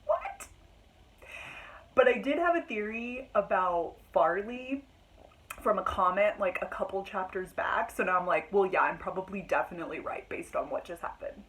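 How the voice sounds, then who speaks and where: A woman's voice: mid-range voice, moderate pace, fairly bright tone, poor audio. A young woman in a casual reading vlog, talking emotionally and dramatically about a book she just finished, with frequent fillers. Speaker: book vlogger.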